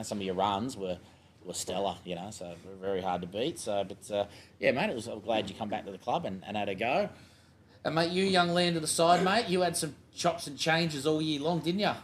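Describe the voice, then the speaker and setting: A man's voice: on the low side, fairly quick, slight background noise. An Australian man hosting a casual club show and coaching a junior footy team, laid-back and matey as he jokes with kids.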